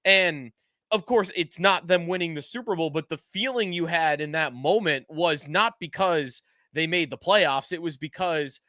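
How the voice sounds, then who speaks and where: A man co-hosting a sports podcast in a loose, rambling way, leaning on filler words as he works out his point. His voice sits slightly high. The recording is dry and close. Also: normal speed, bright, forceful tone, dry recording. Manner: rambling and conversational, many "like" fillers. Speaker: podcast co-host. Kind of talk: casual sports talk.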